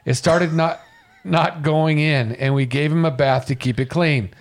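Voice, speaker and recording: A man's voice: a little high, measured pace. A man co-hosting a radio morning show, reading out an odd news story with jokes and laughs. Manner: joking, laughs while reading. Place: radio studio.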